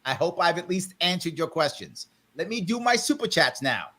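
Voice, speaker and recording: A man hosting a live panel talk show by video call, calmly but firmly trying to settle a heated guest. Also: high voice, moderate pace. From South Bronx, New York. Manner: firm, tries to calm a heated guest. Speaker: host.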